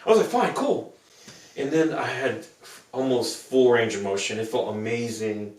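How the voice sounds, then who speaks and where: A man's voice: mid-range voice, moderate pace, darkish tone, recorded from a distance. A young adult man, a podcast co-host, telling earnest, rambling stories in casual chat and acting out the people he quotes. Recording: roomy, from off the mic.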